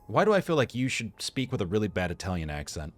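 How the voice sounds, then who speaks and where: A man with a fairly low voice talks through a game session in lively, swooping tones. He thinks out loud, reads the on-screen text and cracks jokes at the characters as he weighs each choice. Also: quick pace, faint music behind. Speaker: gameplay commentator. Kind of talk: let's play commentary.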